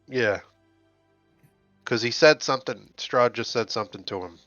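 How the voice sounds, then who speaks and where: A man's voice: mid-range voice, normal speed, a bit bright, dry recording, soft background music. A man chatting casually as a player in a tabletop game, musing aloud, recorded on a dull, dry lo-fi mic. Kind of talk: casual chat.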